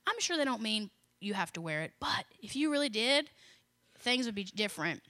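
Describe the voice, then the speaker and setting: A woman speaks in a bright, lively tone, sharing a conversational devotional message. She repeats key phrases for emphasis and drops in casual, self-deprecating asides. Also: fairly high pitch, moderate pace, no room sound.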